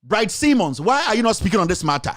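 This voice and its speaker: A man's voice: high voice, very animated, fast talker, a bit bright. A Ghanaian man, a journalist and show host, giving heated political commentary, firing off accusing rhetorical questions.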